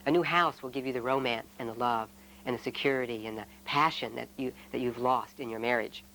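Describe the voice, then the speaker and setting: An enthusiastic male builder-salesman makes a confident pitch, eager and a bit raised, as a man plays him in a spiritual talk. The voice stays in an easy, middling register. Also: brisk, bright, forceful tone, a little hiss or hum, rough recording. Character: eager, enthusiastic male businessman selling houses. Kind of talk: acted quote in a retreat talk.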